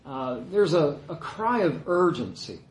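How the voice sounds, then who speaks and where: Male pastor mid-sermon, earnest and emphatic, voice on the higher side, reverberant church room. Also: very animated. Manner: earnest, emphatic teaching with frequent "uh" pauses. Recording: echoey room.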